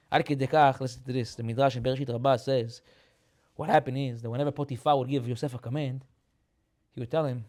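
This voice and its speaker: This man delivers a lively sermon in the role of a rabbi, his mid-range voice moving quickly. Phrases get repeated, Hebrew words are woven in, and he works up to loud, forceful high points.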